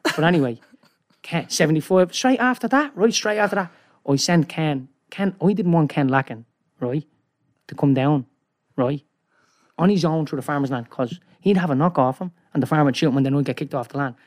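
A man telling a long, rambling story in casual chat, excitable and peppering his talk with "right?". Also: on the high side, fairly quick. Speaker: guest.

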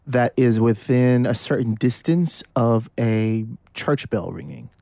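A man's voice: medium pitch, animated, slow pace, creaky, mellow, dry recording, clean studio sound. A man co-hosting a sports podcast, trading playful jokes in casual banter. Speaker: podcast co-host.

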